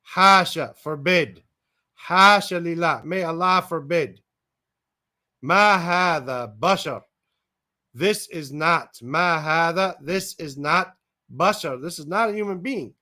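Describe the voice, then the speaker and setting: A fairly high-pitched man leads a Quran translation class. He reads a short Arabic phrase, then restates it in English several ways, one word at a time. Now and then he stops to fix a slip or think through a point of grammar out loud. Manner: pauses to self-correct and check grammar aloud. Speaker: Quran teacher.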